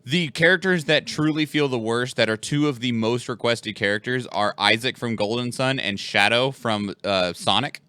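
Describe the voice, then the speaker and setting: Guy on a podcast, crisp voice, dry close sound, chatty and rambly. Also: medium pitch, moderate pace, few pauses, sharp tone, no room sound. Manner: rambling, filler-heavy, laughs often. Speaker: podcast co-host. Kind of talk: casual chat.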